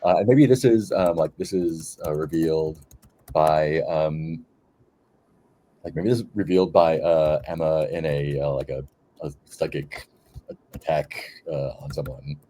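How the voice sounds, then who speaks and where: A man in casual chat, brainstorming a story plot hesitantly with many pauses and restarts. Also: extremely low pitch, mellow. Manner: hesitant, full of ums and restarts. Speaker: game player.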